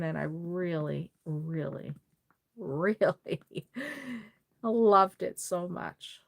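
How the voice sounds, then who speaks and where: Livestream host: chatty woman, Cape Breton Canadian accent, lowish voice, effusive with viewers. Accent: Maritime Canadian (Cape Breton). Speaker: doll-making livestream host. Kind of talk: casual livestream chat with viewers.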